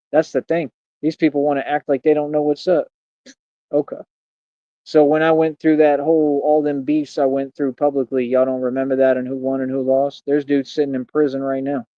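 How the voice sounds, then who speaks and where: A boastful man in his thirties rants at his critics on a livestream, sitting fairly high for a man. The sound is dry and a little dull, like lo-fi stream audio. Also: flat delivery, dark tone, dry recording. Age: 30s. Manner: boastful, confrontational, talks fast. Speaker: streamer and radio show host. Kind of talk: livestream rant.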